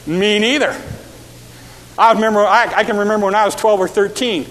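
A middle-aged man preaching a sermon, telling stories and acting out quotes, rising to shouted peaks. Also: high-pitched, steady tone, fairly quick. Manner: storytelling, acts out quotes, builds to shouted peaks. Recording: reverberant hall.

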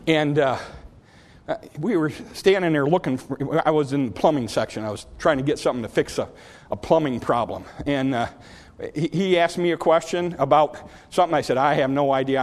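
A man preaching a sermon in a church, telling everyday stories in a folksy way, swinging between loud emphasis and soft asides. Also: medium pitch, long reverb tail.

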